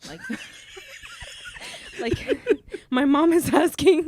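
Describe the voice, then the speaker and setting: A young woman as a podcast guest, telling embarrassing stories in casual chat, animated and laughing as she acts out the other people in them. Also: high-pitched, a little hiss or hum. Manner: animated, laughing, quick to act out voices.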